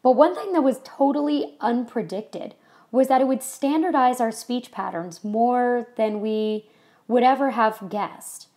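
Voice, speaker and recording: A woman's voice: a little high, unhurried, darkish tone. A woman from California giving a casual history lecture to a class, chatty and full of ums and you-knows. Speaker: history teacher.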